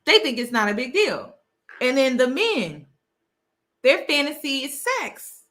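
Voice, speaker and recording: A woman hosts a casual talk show and speaks directly to her audience. Her voice is bright and sharp, and she drives her points home by repeating them. Her delivery stays emphatic and conversational. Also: sits high, very animated, unhurried. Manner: emphatic, repeats key phrases. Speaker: host. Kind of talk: casual commentary to camera.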